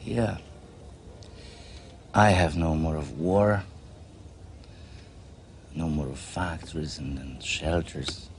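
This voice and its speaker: Brief: a Polish migrant, deep voice, unhurried broken English, film drama. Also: male voice, fairly even intonation, slight background noise, exaggerated voice. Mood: sombre. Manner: broken English, brooding then boisterous. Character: Polish immigrant man in 1950s Australia, bitter, drinking.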